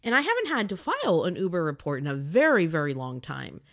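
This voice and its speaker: A woman retelling a personal story in a casual, animated and indignant way, acting out the other people's lines. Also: lowish voice, quick pace, no echo, studio quality. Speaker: podcaster telling a personal story.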